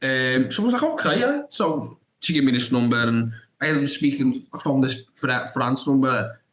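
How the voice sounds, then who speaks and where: A man's voice: mid-range voice, normal speed, a bit bright, rough recording. A young man tells a long story as a guest on a podcast. He rambles through restarts and filler like "da da da", and he acts out his own reactions along the way. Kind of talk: animated anecdote storytelling.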